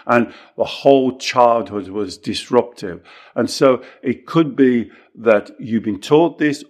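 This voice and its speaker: A man coaching and teaching in conversation, emphatic and lively, who often acts out what clients say. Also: medium pitch. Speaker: coach explaining his self-inquiry technique.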